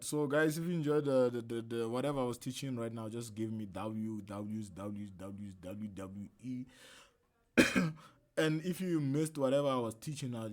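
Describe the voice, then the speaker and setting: Here a male trading teacher streams a lesson in a fairly bright, mid-range voice. The style stays relaxed and conversational, with slangy side comments and repeated "right?" check-ins.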